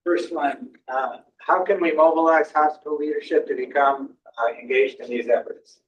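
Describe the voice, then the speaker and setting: A man's voice: fairly high pitch, fairly even intonation, moderate pace, recorded from a distance, muffled recording. A man moderating a hospital Q&A, reading out questions from the chat.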